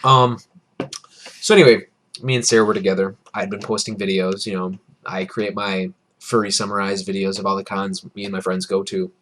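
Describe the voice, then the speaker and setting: A man's voice: low voice, level tone, a little fast, a bit bright, slight background noise. A young man in his early twenties, tipsy from beer, telling a rambling, profane, self-deprecating story in a casual vlog. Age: early 20s. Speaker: vlogger.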